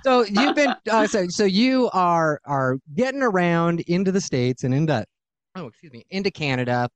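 A woman's voice: fairly low pitch, lively intonation, normal speed, dry recording. A woman with a Southern California accent hosting an interview, bubbly and playful, chatting casually. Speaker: host.

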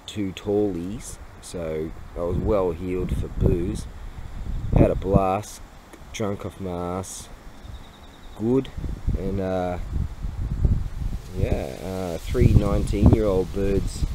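A man's voice: low voice, background noise. A man vlogging in a casual, rambling way, with lots of fillers and frequent chuckles as he tells stories. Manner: laughing, rambling storyteller with many fillers.

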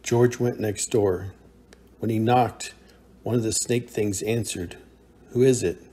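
A man narrating a science fiction short story in a measured, steady reading. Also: fairly low pitch, a little hiss or hum.

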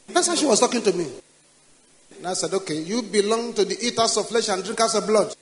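A man's voice: sits high, expressive, fairly quick, in a large hall, poor audio. An older man with a Nigerian accent, preaching a sermon and leading prayer with rising, commanding declarations. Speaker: pastor.

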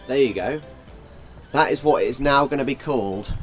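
An English travel vlogger gives casual walk-and-talk commentary while strolling through an outdoor wildlife park and reptile house, joking about the animals. He speaks at medium pitch and normal speed, with faint music behind.

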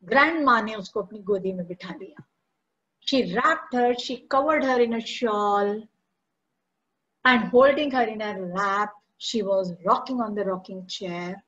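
A woman's voice: mid-range voice, a little fast, fairly bright tone, muffled recording. A woman teacher with an Indian English accent explaining a school chapter line by line in an online class, mixing in Hindi. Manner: patient, explains each line, switches between English and Hindi.

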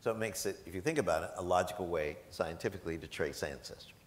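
Male professor, gala storyteller, slightly low voice, animated and self-mocking, echoey hall sound. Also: fast, a little hiss or hum. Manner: animated, self-deprecating, laughs often. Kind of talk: storytelling anecdotes to a live audience. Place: large event hall.

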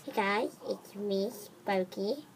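A woman's voice: medium pitch, slow, slight background noise, pitched below the performer's own voice. A woman voicing a bubbly, rambling toy-pet girl who hosts the show, recorded in a backyard. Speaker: host. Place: backyard outdoors.

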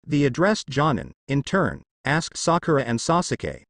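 Male storyteller for fan fiction reading, animated pitch, dry close sound. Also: a little slow, vocal fry, no room sound. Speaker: narrator.

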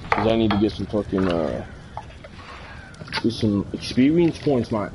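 A man's voice: fairly low pitch, expressive, a little slow. A man chatting casually and joking with lots of swearing while streaming a game from home. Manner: laid-back, profane, joking. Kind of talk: casual live-stream chat. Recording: noisy home stream audio.

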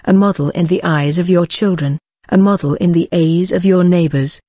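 A speaker solemnly reading a prophetic message aloud in a measured, declaiming way. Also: medium pitch, mellow, dry recording. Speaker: reader of a prophecy. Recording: dull, dry lo-fi recording.

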